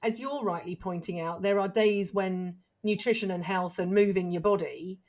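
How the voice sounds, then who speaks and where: A woman co-hosting a podcast, telling lively anecdotes in casual chat. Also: mid-range voice, moderate pace. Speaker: podcast co-host.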